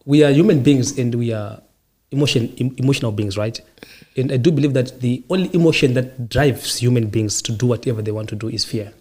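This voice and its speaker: Man, husky voice, mid pitch, reflective podcast host, short repeated statements. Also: brisk, darkish tone. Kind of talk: casual interview answers.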